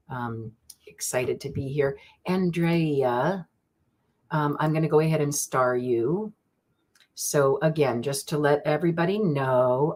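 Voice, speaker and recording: A woman runs a live psychic reading, greeting viewers by name and chatting with bubbly excitement. Her voice sits low and a little husky. Now and then she slows into solemn, measured invocations. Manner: slow solemn invocation prayers. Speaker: online psychic reader. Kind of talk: live-stream divination chat.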